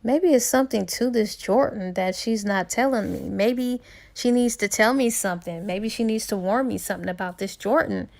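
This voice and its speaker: A woman voicing a jealous, indignant grown man in a book story, repeating his lines in a stammering, exclaiming way with a slightly lower, softer voice. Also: moderate pace, vocal fry, lightly acted.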